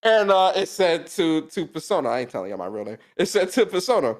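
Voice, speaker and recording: A man's voice: fairly high pitch, very animated, a little fast. A young man co-hosting a podcast, telling a personal story in casual slangy chat, laughing often. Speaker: podcast co-host.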